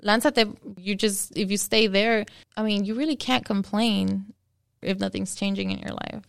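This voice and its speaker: A woman hosting a podcast talks earnestly and casually, swearing freely and slipping Spanish phrases into her talk. Her voice has a gravelly fry and still comes across smooth and resonant. Her pitch sits in the middle of the range. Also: steady tone, moderate pace. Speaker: podcast host.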